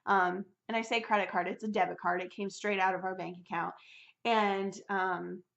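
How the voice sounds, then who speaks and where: A young woman talks straight to her viewers in a casual, heated rant. Her voice has a gravelly, fry-edged texture, and the recording is dull and lo-fi. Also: medium pitch, little pitch movement, moderate pace, fairly bright tone. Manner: ranting, heated retelling. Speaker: vlogger sharing her fertility journey. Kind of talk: casual chat to camera.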